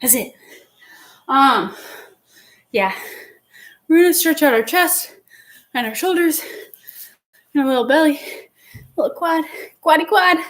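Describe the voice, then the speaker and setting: A woman's voice: high voice, animated, a little slow, pauses often, fairly bright tone. A woman fitness instructor leading a livestream workout, counting reps aloud and giving playful, encouraging cues. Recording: echoey room, voice far from mic. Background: faint workout music.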